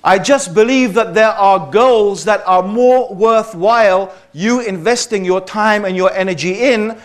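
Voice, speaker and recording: A man's voice: high voice, unhurried. A man with a British upper-middle-class accent giving a public lecture, chatty and often checking in with his audience. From Britain.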